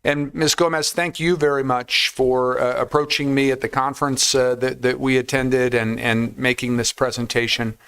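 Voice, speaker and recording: A man serving as a county supervisor, making measured procedural remarks with some fillers at a public meeting. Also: mid-range voice, flat delivery, a bit bright, smooth.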